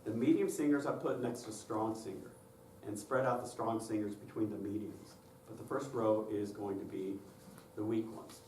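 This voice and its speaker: A man's voice: on the low side, steady tone, moderate pace, darkish tone. A man presenting a choir directors' workshop, explaining his methods step by step and often checking in with the audience with "okay?". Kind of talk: conference lecture with demonstrations. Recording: roomy and distant with faint noise.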